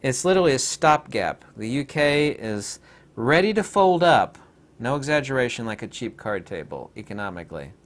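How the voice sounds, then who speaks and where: Animated man in a rambling sarcastic rant. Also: medium pitch, moderate pace. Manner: sarcastic, digressive, mocking asides. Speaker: commentary video host. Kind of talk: rambling political commentary.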